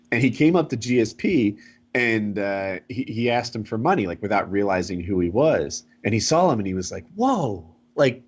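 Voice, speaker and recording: A man hosting a podcast, telling a story in a casual, rambling and animated way over a home mic. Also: lowish voice, breathy edge. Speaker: podcast host. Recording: dull lo-fi mic.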